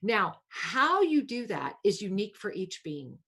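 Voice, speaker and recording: A woman's voice: mid-range voice, big pitch swings, measured pace, fairly bright tone, slightly rough. A woman hosting a spiritual talk radio show, coaching a caller in a soothing, affectionate way and calling her pet names.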